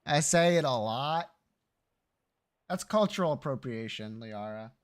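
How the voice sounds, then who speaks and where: A man's voice: mid-range voice, expressive, unhurried. A man streaming live, chatting casually with his viewers, teasing and joking and swearing freely.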